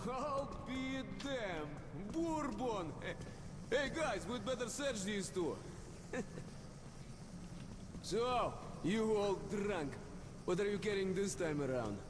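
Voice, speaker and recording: An actor playing a menacing sentry boss in a video game, talking in a slow, mocking, threatening way. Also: male voice, high-pitched, very noisy. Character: menacing sentry boss, middle-aged man. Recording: game audio with roomy reverb, music.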